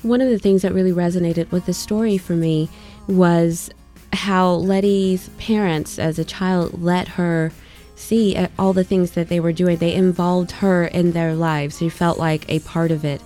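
A woman narrating a story expressively and measured, then reflecting on it. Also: on the low side, fairly even intonation, warm tone, soft background music. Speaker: audiobook narrator.

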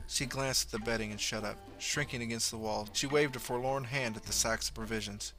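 A man narrating a story in a steady, low-key way, dropping softer for inner thoughts. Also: a little fast, hardly any pauses, over music. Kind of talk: audiobook narration.

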